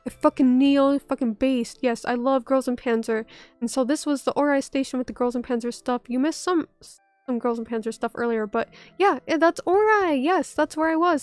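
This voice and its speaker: Hoarse young woman VTuber, high-pitched and bronchitis-rough. She rambles, curses and bickers with chat over a close, dry mic. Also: dry recording. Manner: rambling, self-interrupting, swears, talks back to chat. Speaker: VTuber streamer. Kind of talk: casual live-stream chat.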